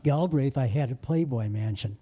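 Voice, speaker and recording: An older man hosting a bookshop interview, speaking haltingly and filling his pauses with many hesitations. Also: medium pitch, dark tone. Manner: halting, frequent "uh" fillers. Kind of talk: conversational interview.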